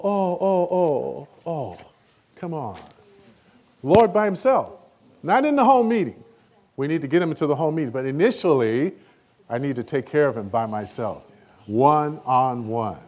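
At a church meeting, a man of medium pitch preaches emotionally and with energy. He suddenly gets loud at points and trips over words, repeating them.

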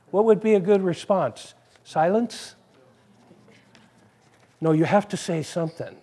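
Male preacher, high and unhurried, chatty sermon delivery, asks the listeners questions. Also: expressive, dark tone, husky. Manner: conversational, repeats phrases, asks the congregation questions.

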